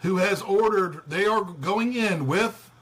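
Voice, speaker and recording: A man's voice: high voice, slow. Insistent man cutting in to argue. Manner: insistent, interrupts to make his point. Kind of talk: heated casual debate.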